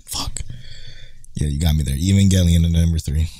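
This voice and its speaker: Man, low voice, mellow tone, dry close sound, casual podcast chat, swears a lot, laughs often. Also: fairly quick, no room sound. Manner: swears often, laughs easily, trails off and restarts. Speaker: podcast co-host.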